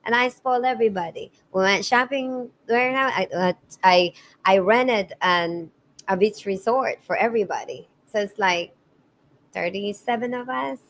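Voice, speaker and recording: Speaking unhurriedly in a mid-range voice, another middle-aged Filipino-accented woman from the Philippines guests on a podcast. Her earnest, emotional account of her life in conversation is full of restarts and repeated words, over a little hiss or hum.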